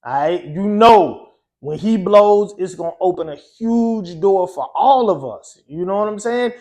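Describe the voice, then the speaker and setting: A man's voice: sits high, expressive, a little slow, darkish tone. A man, a guest DJ, telling a story in a loose, conversational way, often saying "you know" and "um". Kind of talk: casual storytelling.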